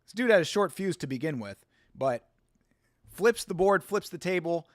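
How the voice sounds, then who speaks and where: A man's voice: sits high, sing-song, normal speed, dry recording. Chatty man hosting a stream, dry sound. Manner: chatty, rambling, with restarts and laughs. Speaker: host reading chat on a fight watch-along stream. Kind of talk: casual chat and storytelling.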